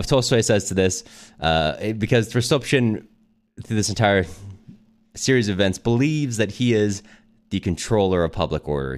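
A man co-hosting a podcast, casually summarizing a novel with fillers and frequent laughter. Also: low-pitched. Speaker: podcast co-host. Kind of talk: casual book discussion.

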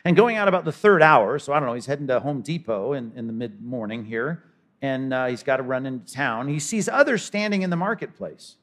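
A man's voice: mid-range voice, a little fast. A man preaching an expository sermon as a pastor, talking conversationally and slipping into characters' voices. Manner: animated, acts out characters in conversational asides.

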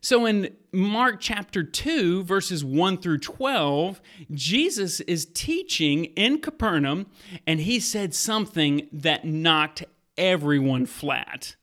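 A man, a pastor and podcast host, telling a Bible story to preteens in a lively, vivid second-person style. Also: high-pitched, takes it slowly.

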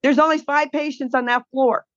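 A woman's voice: sits high, steady tone, normal speed, no echo, lo-fi sound. A woman guest telling her caregiving story in a blunt, indignant way. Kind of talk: emotional personal account.

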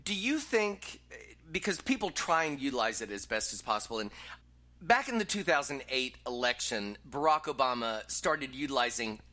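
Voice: mid-range voice, very animated, moderate pace, sharp tone. A host in a casual interview, asking enthusiastic, rambling questions.

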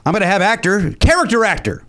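A man hosting a comedy game show podcast, talking quickly and joking with guests. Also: sits high, very animated, bright, forceful tone. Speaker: host.

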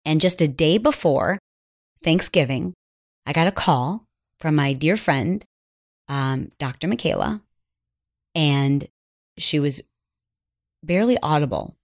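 A woman's voice: low-pitched, animated, slow pace, pauses often. Earnest, confiding woman podcast host. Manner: earnest, confiding, drops to near-whisper at emotional moments. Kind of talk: personal storytelling monologue.

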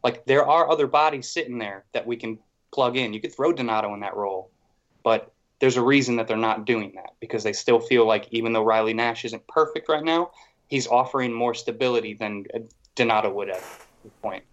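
This man co-hosts a podcast and rambles briskly about hockey, his animated talk full of filler words. His pitch is medium and the recording sounds lo-fi.

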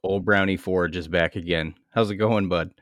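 Low-voiced jokey podcast host. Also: male voice, fairly even intonation, moderate pace, fairly bright tone, no echo, studio quality. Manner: laid-back, jokey banter. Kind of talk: casual podcast chat.

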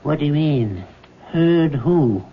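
An actor playing a measured, dismissive middle-aged doctor in a 1970s radio drama. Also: male voice, a little high, lively intonation, full character voice. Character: calm, clinical, dismissive male doctor. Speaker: hospital doctor. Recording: dull lo-fi old radio recording with faint hiss.

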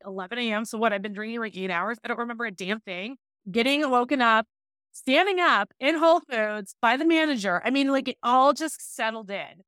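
A woman's voice: fairly high pitch, bright, forceful tone, clean tone, dry recording, clean studio sound. A woman speaking as a podcast guest, telling her own story in a candid, casual way with many "like" fillers. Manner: open, casual, lots of "like" fillers.

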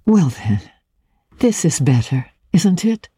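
Woman reading as a guarded young woman, hesitant, hushed half-whispers, husky, slow. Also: on the low side, dry recording, voice pushed up.

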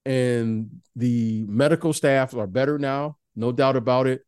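A man's voice: mid-range voice, measured pace, a little mellow, clean tone, dry recording, clean studio sound. A middle-aged man and former pro basketball player co-hosting a casual sports chat, who keeps addressing his co-host by name and stammers through restarts, chuckling.

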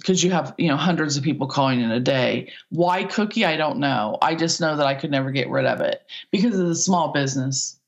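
A woman's voice: low-pitched, fairly quick, few pauses, muffled recording. A woman with a Midwestern accent, a casting director chatting in an interview, laughing often. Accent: Midwestern American. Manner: laughs often, warm and talkative. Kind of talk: casual interview chat.

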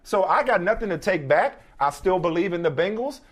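Lively high-voiced male sports host. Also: fairly quick. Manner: animated, emphatic, repeats points. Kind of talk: sports debate.

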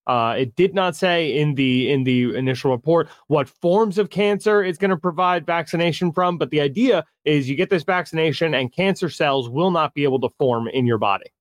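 A man co-hosting a podcast in relaxed, casual chat, often hesitating. His voice is fairly high for a man. The sound is dry and close. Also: brisk, hardly any pauses, no room sound. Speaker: podcast co-host.

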